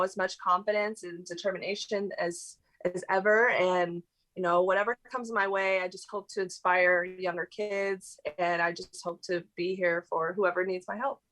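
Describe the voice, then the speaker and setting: A woman's voice: medium pitch, fairly bright tone, rough recording. A young adult woman, a guest actress, chatting casually in an interview with lots of fillers and laughs.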